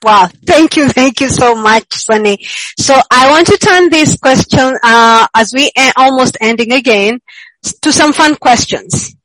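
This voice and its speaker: A woman hosts a podcast interview in a casual tone. Her voice sits a bit high, and she keeps her guest going with short affirmations. The recording is dry, with no room sound. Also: a little slow, a bit bright, dry recording, rough recording. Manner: encouraging, with frequent affirming murmurs. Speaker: podcast host.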